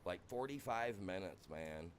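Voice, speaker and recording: Man, American accent, young adult, low voice, rambling casual storyteller, faint background noise. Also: a little slow. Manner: rambling, animated, says "dude" constantly. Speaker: streamer. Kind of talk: casual storytelling on a game stream.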